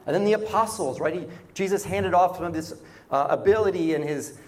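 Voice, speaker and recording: A man's voice: sits high, brisk, a little hiss or hum. A man preaching a conversational sermon, often checking in with "right?" and repeating words as he goes. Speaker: pastor.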